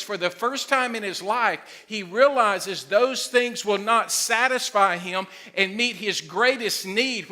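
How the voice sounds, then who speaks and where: Excitable high-voiced pastor preaching. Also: male voice. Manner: excitable, emphatic, loud at times. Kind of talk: sermon.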